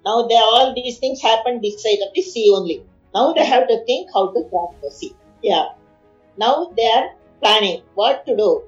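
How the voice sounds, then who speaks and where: A woman's voice: fairly high pitch, animated, moderate pace, reverberant, muffled recording, faint music behind. A woman retelling an epic story in conversation, explaining each verse and acting out the figures' words. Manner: explains verses line by line, acts out figures' pleas.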